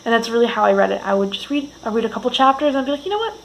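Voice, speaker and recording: A woman's voice: fairly high pitch, very fast, vocal fry, low-quality recording. A woman book vlogger giving a casual reading wrap-up, gushing and enthusiastic, rambling with frequent restarts. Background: faint cicada noise outdoors.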